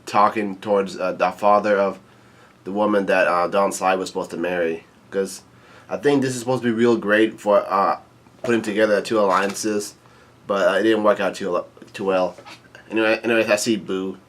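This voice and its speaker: A man giving a casual, laid-back read-through of a comic chapter, halting with many ums, uhs and restarts. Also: fairly low pitch, fairly even intonation, a little hiss or hum. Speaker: YouTube manga reviewer.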